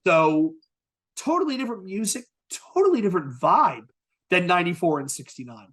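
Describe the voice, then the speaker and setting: A man hosting a podcast, talking in an animated, casual way and often asking "right?". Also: sits high, fairly quick. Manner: animated, asks rhetorical "right?". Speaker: podcast host. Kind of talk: casual chat.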